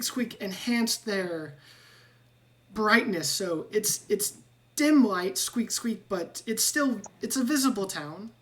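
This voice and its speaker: A woman voicing a timid rat-person guide who keeps squeaking between words in a tabletop game. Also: noisy background, natural voice. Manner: peppers speech with squeaks.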